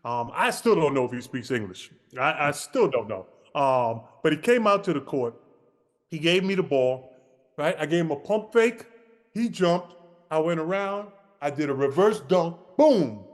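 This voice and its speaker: Man, podcast co-host, casual storytelling, animated quoted dialogue, higher voice, reverberant room. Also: moderate pace.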